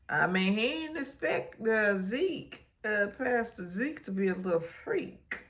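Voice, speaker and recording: A woman, recapping a TV episode in casual, animated storytelling, acting out the characters' lines. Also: on the high side, measured pace, few pauses. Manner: animated storytelling, acts out quotes. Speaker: recap vlogger.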